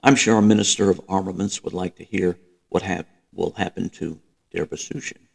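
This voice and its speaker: A man voicing a smooth, solicitous male minister. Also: sits low, fairly even intonation, moderate pace, heavily acted.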